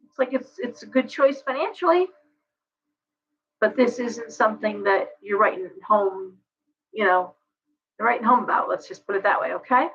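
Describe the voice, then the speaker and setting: A woman hosting a live tarot reading, chatty and meandering with many asides, her voice going hoarse. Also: mid-range voice, normal speed, pauses often, fairly bright tone, muffled recording. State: losing her voice.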